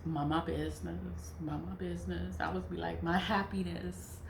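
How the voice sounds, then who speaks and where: A woman's voice: fairly low pitch, flat delivery, normal speed, vocal fry. A woman talking casually to camera. She rambles and repeats herself, swears, and keeps breaking into giggling laughter. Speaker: self-styled witch vlogger. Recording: echoey room with faint background noise.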